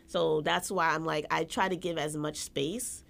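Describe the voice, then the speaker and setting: A woman's voice: deep voice, steady tone, a little slow, creaky, a bit bright. A woman co-hosting a podcast in casual chat, candid and emphatic, often restarting her sentences. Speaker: podcast co-host.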